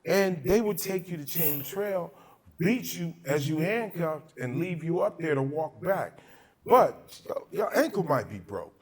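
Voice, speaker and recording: A man's voice: fairly high pitch, lively intonation, measured pace. A man from Southern California hosting a podcast, telling stories in a casual, profane way and acting out the people in them. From Altadena, Southern California. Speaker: podcast host. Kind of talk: casual storytelling chat.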